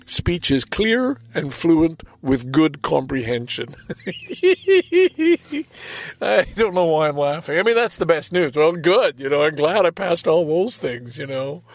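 Gravelly-voiced man in his seventies. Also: on the high side, expressive, moderate pace, few pauses, dry recording. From Canada. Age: 70s. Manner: rambling, self-deprecating, reads aloud and comments with chuckles. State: walks with a walker. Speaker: podcast host. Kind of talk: casual solo monologue.

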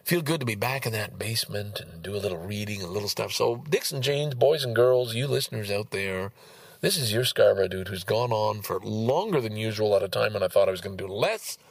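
A man's voice: lowish voice, brisk, gravelly, dry recording. A man hosting a solo podcast, rambling bluntly and swearing freely as he drifts from topic to topic. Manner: profane, blunt, digressive. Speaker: podcast host.

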